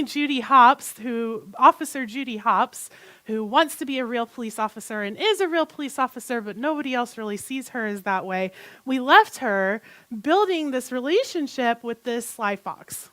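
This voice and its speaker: A woman minister giving a conversational sermon, telling a story in an animated way with chatty asides to the congregation. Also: fairly high pitch, no room sound, low-quality recording. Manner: animated storytelling, retelling a film plot.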